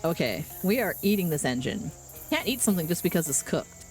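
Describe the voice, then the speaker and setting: A woman's voice: on the low side, fairly quick, faint music behind. Playful woman streamer reading game text. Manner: playful, deadpan asides, does silly frog voices. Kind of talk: game let's play, reading game text aloud.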